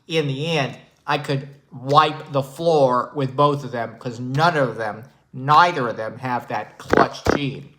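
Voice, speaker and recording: A man doing a comedic impression of an older male sports debate pundit, brash and contrarian, talking slowly with heavy sighs. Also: mid-range voice, fairly bright tone, a little hiss or hum, rough recording. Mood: boastful. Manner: slow, drawn-out delivery with heavy sighs and dramatic pauses.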